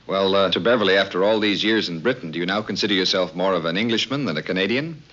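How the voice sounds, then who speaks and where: Brisk, low-voiced male interviewer. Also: a bit bright. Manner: brisk, polite questioning. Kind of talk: documentary interview questions. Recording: dull lo-fi 1950s film sound.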